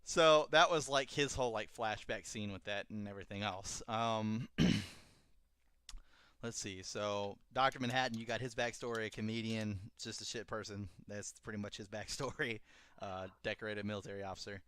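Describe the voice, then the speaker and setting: A man's voice: lowish voice, steady tone, moderate pace, fairly bright tone, clean tone, no room sound, studio quality. A young man co-hosting a podcast, retelling a story in a rambling, laid-back way, full of fillers and swearing. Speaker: podcast co-host. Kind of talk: casual chat.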